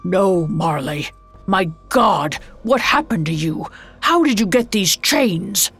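A woman's voice: mid-range voice, expressive, slow, a bit bright, slightly rough, soft background music, exaggerated voice. A woman voicing a miserly old businessman who scoffs at the supernatural and defends his business ways. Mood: horrified.

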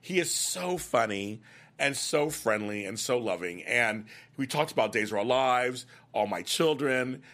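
Guy recapping soap episodes, all excited and gossipy, doing little voices for the characters, bright clear tone. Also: mid-range voice, unhurried. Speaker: host of a soap opera after-show.

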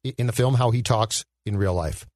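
A man co-hosting a casual film podcast, rambling and animated as he makes his points. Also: mid-range voice, a little fast, no echo. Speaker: podcast co-host.

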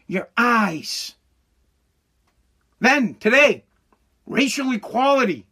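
A woman delivering a heated, profane political rant in sarcastic commentary, swinging from shouts to slow, low emphasis. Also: lively intonation, husky.

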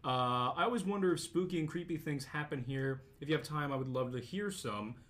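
A man's voice: a little high, expressive, brisk, fairly bright tone. Rambling, joking man on a podcast. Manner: joking, rambling, frequent fillers and restarts. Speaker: podcast co-host. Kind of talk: casual chat reading live stream donations.

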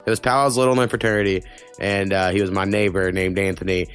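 A man's voice: low-pitched, little pitch movement, fairly bright tone, clean tone, soft background music. A man co-hosting a casual podcast, blunt and swearing freely, speeding up in bursts as he rants. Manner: blunt, swears a lot, talks in quick bursts. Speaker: podcast co-host.

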